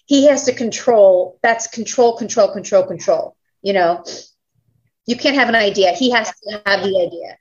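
A woman's voice: medium pitch, moderate pace. A woman hosting a podcast, speaking in a reassuring, emphatic way and repeating key words. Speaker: podcast host. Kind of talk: casual podcast chat. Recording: dull lo-fi sound.

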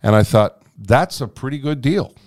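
A man telling a long anecdote as a guest in a conversation, animated and freely swearing. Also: medium pitch, moderate pace. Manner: animated, profane storytelling. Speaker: guest storyteller.

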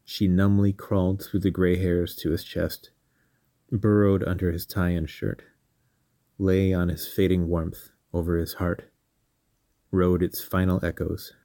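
Man, storyteller, scripted narration, very low pitch, dry sound. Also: flat delivery, unhurried, dark tone, dry recording. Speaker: storyteller and podcast host.

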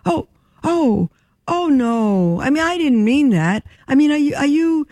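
Older lady putting on a flustered young waitress, high squeaky voice, stammers and apologizes. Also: lively intonation, a little slow, dark tone, no echo, studio quality.

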